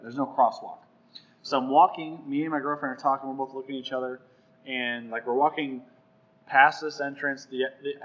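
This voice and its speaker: A man's voice: medium pitch, fairly bright tone, dull audio. A man co-hosting a podcast, a fitness instructor chatting casually and rambling through his stories. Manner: fast, rambling storyteller who repeats himself.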